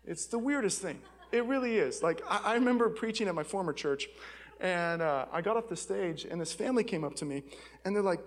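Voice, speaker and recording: A man with a notably high voice delivers a sermon from a church stage. He talks candidly and conversationally, dropping in casual asides like "man" between points. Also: expressive, fairly quick. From Seattle. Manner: candid, conversational storytelling with frequent "man" and "I'll be real". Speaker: pastor.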